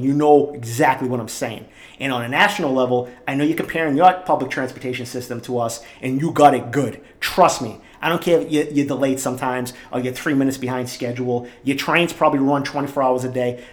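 A man, hosting a podcast in a profane, heated solo rant. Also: mid-range voice. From Boston, Massachusetts. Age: 40s. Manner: heated, swearing, worked up. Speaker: podcast host. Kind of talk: profane ranting monologue.

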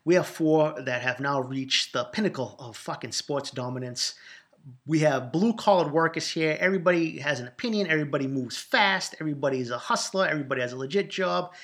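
A man's voice: on the high side, a little fast, a bit bright. A man with a Boston accent hosting a solo podcast, answering listener questions in an emphatic, profane, boastful way. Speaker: podcast host.

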